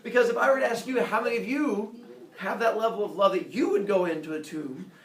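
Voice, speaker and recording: A man's voice: high-pitched, a little fast, a bit bright. A man teaching a class, talking in a playful, theatrical way. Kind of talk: classroom lesson. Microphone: camera across the room. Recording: echoey classroom from far off.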